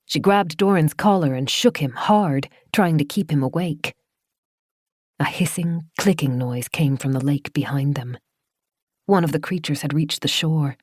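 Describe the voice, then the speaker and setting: A woman narrates a horror audiobook in a low, steady voice. Her delivery is measured and even. The studio recording is close and dead dry. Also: husky, no echo.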